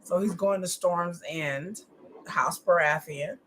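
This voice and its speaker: A woman hosting a live watch party, commenting loudly, joking and swearing as she reacts to the screen. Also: lowish voice, slow, a little hiss or hum. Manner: loud, animated, profane and joking.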